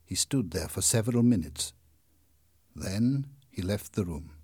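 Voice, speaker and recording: A man reads a story slowly and deliberately, his husky voice lower than most. His pitch moves a lot as he tells it. The sound is dry and close. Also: no echo. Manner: slow, deliberate, expressive. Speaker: narrator. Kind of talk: scripted narration of a graded reader.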